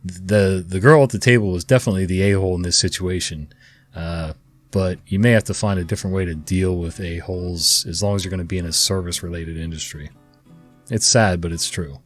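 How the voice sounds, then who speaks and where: A low-voiced man chats in a folksy, easygoing way as he wraps up a story and talks straight to his viewers. Faint guitar music plays softly underneath. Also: steady tone, brisk. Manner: folksy, chatty, pitch jumps up when addressing viewers. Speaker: storytelling channel host. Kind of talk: casual story narration and commentary.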